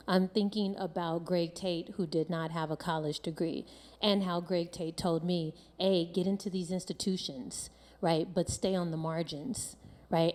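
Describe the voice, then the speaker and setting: A woman's voice: fairly low pitch, darkish tone. A woman scholar speaking on a panel, earnest, building her points in lists and tagging lines with a questioning "right". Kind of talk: panel discussion. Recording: long hall reverb.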